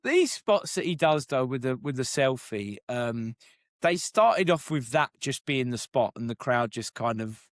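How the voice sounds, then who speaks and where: A man co-hosting a casual wrestling podcast, relaxed and chatty, laughing often and trailing into fillers. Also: medium pitch, unhurried, dry recording, studio quality. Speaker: podcast co-host. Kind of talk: casual wrestling review chat.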